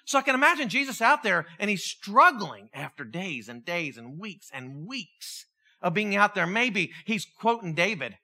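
A middle-aged preacher giving a sermon as an animated storyteller who acts out quoted voices and adds jokey asides. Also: mid-range voice, normal speed.

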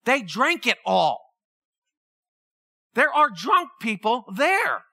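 A preacher delivers a sermon with an animated, swooping delivery and a bright, forceful tone. The preacher retells the scene as if it were happening now and keeps asking the listeners to imagine it. The sound is dry, with almost no room echo. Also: medium pitch, slow, vocal fry. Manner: storytelling, acts out the people in the story; asks the listeners many questions.

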